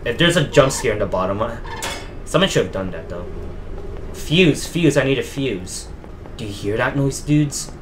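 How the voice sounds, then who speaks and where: A man's voice: medium pitch, expressive, normal speed, noisy background. A young man streaming a horror game. He reads the in-game diary notes aloud, mutters to himself, and swears and yelps at the scares. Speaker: gameplay streamer.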